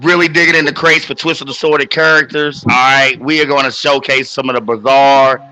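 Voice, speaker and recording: A man's voice: mid-range voice, steady tone, moderate pace, pushed and bright, dry recording, poor audio. A man hosting a casual sports talk podcast, plugging his own show with hype announcer delivery. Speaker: podcast host promoting his wrestling show. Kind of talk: casual banter and show plug.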